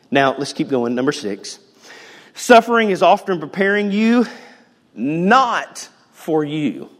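A man preaching a sermon as a pastor, chatty and jokey, swinging between loud emphasis and hushed near-whispers. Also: mid-range voice. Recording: long hall reverb.

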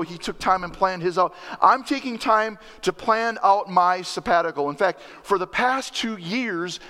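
Male pastor, sermon delivery, earnest and excitable, high-pitched, church reverb tail. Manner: earnest, excitable preaching with rising emphasis. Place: church sanctuary.

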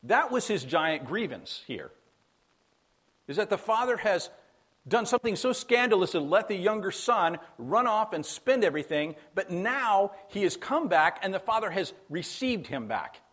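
A man's voice: high-pitched, big pitch swings, moderate pace, a bit bright. A man preaching a sermon as a pastor, in a conversational, emphatic way that repeats key phrases for weight.

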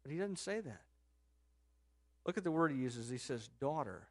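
A man preaching a sermon in a conversational, animated storytelling manner, rising sharply in pitch and loudness at times and dropping to a soft low voice for quoted words. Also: normal speed. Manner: drops to a soft, low voice when quoting Jesus. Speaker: pastor.

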